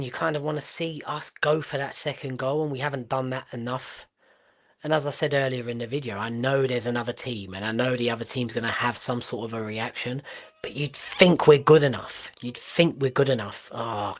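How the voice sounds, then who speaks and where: Excitable football streamer, mid-pitch man. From Portugal. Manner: blunt, excitable, swears, quick exclamations. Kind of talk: live match watchalong commentary.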